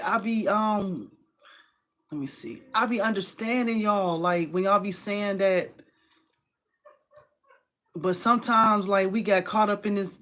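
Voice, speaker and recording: A woman hosting a casual crafting live stream from home. She talks in an excitable, chatty way, says "y'all" a lot, and answers viewers' comments aloud. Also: medium pitch. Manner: uses y'all and informal phrasing.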